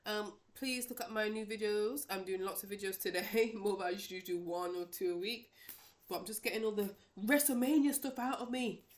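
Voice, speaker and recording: A woman's voice: medium pitch, a little fast. A woman vlogger giving casual, opinionated wrestling predictions, rambling with many restarts and fillers.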